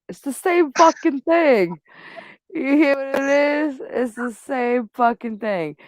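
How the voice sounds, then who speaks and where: Slow-talking giggly woman, dry sound. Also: sits high, lively intonation, no echo. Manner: giggly, teasing. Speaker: live stream host. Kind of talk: casual live chat.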